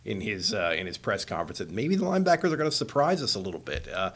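A man, a sportswriter and co-host, talking football in a casual chat, often restarting his sentences and trailing off quietly. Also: lowish voice, sing-song, quick pace.

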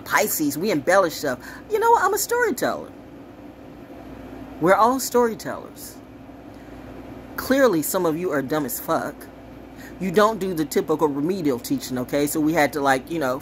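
A woman talking casually to camera in an animated, rambling way, profane and sassy, jumping from story to story. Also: low-pitched, a little hiss or hum. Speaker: commentator.

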